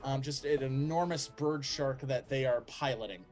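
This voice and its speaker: A man narrating a tabletop game as game master, relaxed, with frequent ums and laughs. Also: mid-range voice, normal speed, faint music behind.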